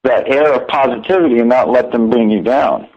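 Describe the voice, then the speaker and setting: A man's voice: medium pitch, fairly quick, dull audio. A man co-hosting a casual podcast conversation over a call, rambling and hesitant with many fillers. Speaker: co-host interviewer. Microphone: remote call.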